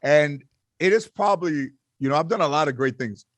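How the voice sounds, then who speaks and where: A middle-aged comedian in casual podcast chat, telling an anecdote with acted-out quotes and plenty of swearing. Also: male voice, fairly high pitch, a little fast, dry recording. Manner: animated storyteller, acts out quotes, swears freely. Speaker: comedian guest.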